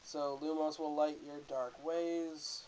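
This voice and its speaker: A man's voice: fairly high pitch, flat delivery, slow pace, a little mellow, a little hiss or hum, rough recording. Joking man doing let's play commentary. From Canada. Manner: casual, joking, self-correcting. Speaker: host.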